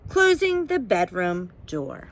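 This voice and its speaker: A woman reading a children's picture book aloud at home, expressive and pausing to ask her listeners questions. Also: fairly low pitch. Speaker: storybook reader.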